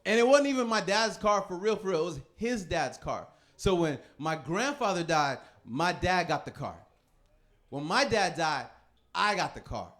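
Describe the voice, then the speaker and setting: A man in his thirties does a stand-up set, telling stories loosely and laughing as he goes, jumping quickly into other people's voices. His voice is fairly high, expressive and a bit bright.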